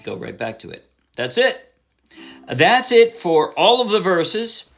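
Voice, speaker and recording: A man's voice: high voice, sing-song, slow pace, gravelly, over music. A man giving a casual ukulele lesson, chatting loosely and counting beats aloud as he explains. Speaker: ukulele teacher. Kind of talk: casual instrument tutorial. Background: ukulele playing.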